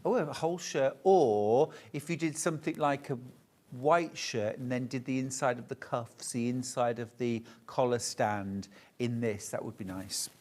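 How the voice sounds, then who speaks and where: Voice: medium pitch, a little slow, a little mellow. A shopping channel presenter, chatting and gushing over fabrics during a live TV sale.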